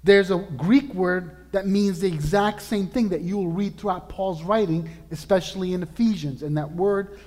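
A man preaching a sermon as pastor, earnest and emphatic, slowing down to stress key words. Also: sits high, darkish tone, long reverb tail. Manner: earnest, emphatic preaching with slow drawn-out lists.

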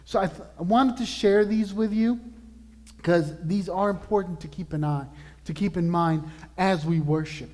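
A man preaching a sermon as pastor, earnest and emphatic, slowing down to stress key words. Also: high-pitched, a little mellow, big-room sound. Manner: earnest, emphatic preaching with slow drawn-out lists.

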